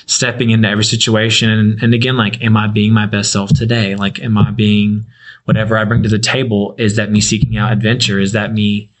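A man's voice: fairly low pitch, level tone, fairly quick, poor audio. A young man in his twenties sharing a personal story in a casual group chat, rambling with many fillers. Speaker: group member.

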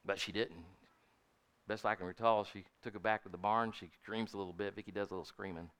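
A man's voice: lowish voice, fairly even intonation, fast, fairly bright tone, smooth. An older man preaching a sermon in a folksy, storytelling way, often asking his congregation "Amen?". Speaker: pastor.

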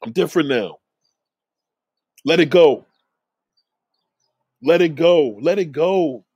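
Male streamer, slightly high husky voice, dry close sound, preachy profane rants at chat. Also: slow, long pauses, a little mellow, no room sound. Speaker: livestream host reading chat. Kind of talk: profane ranting commentary.

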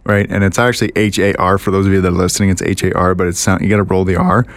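A man with a lowish voice chats on a podcast, acting out little scenes and imitating other people's voices as he goes. He laughs often and hops between asides. The sound is dry and close, with no room echo. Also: very fast, creaky. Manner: animated storyteller, mimics voices and laughs often. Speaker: podcast co-host. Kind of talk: casual chat.

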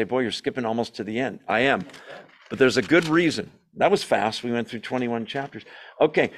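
A man teaching a Bible study group in a mid-pitched voice. He talks in a conversational, emphatic way, stresses key points and puts questions to his listeners. He slips in small jokes as he goes. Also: a bit bright.

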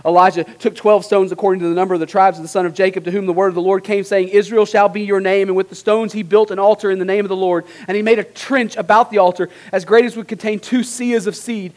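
A man's voice: high-pitched, steady tone, fast, hardly any pauses. A man preaching a sermon, reading a long scripture passage aloud with dramatic emphasis and asking rhetorical questions. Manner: reads scripture with dramatic emphasis, rising for quoted lines; asks rhetorical questions with a tag like "right?". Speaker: pastor.

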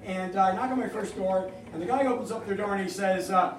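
A high-voiced man spins a wry, salty story about himself, picked up from a distance in a live, echoey hall. A low hum of audience ambience sits under him. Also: fast talker. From New York. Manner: wry, profane, self-mocking. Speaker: comedian telling a personal story.

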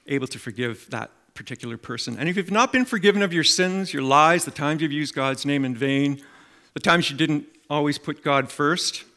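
Bright-voiced man preaching a sermon. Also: mid-range voice. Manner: animated storytelling with acted quotes and emphatic appeals.

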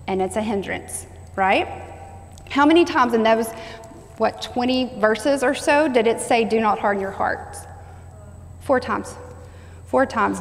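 A woman with a fairly high voice preaches a sermon in call-and-response style. She repeats key phrases and has the congregation say them back. Her voice rings with a long hall reverb. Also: a little slow, long pauses.

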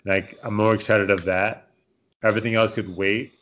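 A man's voice: fairly low pitch, level tone, normal speed, fairly bright tone. A man in a casual chat who talks hesitantly, with many fillers as he explains his pick.

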